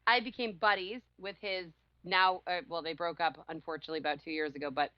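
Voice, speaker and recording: A woman's voice: fairly low pitch, a little fast, no echo, lo-fi sound. A woman co-hosting a podcast, telling a story in casual chat and laughing often as she acts out what others said. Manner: animated, laughs often, acts out quotes loudly. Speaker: podcast co-host.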